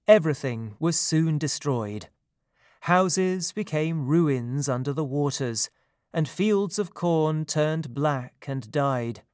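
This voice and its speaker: A male narrator reads a myth aloud in a calm, measured way. His voice is a little high for a man, his pace unhurried, and the sound close and dry. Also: clean tone, no echo. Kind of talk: storybook reading.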